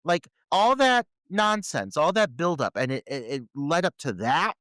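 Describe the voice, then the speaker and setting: Male podcast co-host, animated pitch, dry mic, incredulous and profane. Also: normal speed, no room sound. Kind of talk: casual film review chat.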